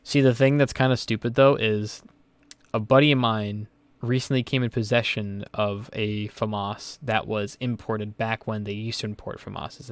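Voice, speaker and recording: Rambling, swearing young podcast host. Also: male voice, fairly low pitch, dry recording. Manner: rambling, profane storytelling with many fillers. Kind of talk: casual podcast chat.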